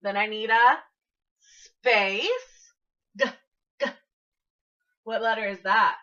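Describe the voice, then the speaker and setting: A woman teacher giving an early-grade classroom lesson to camera, sing-song and encouraging, speaking slowly for young children. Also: mid-range voice, fairly even intonation, pushed and bright, highs cut off.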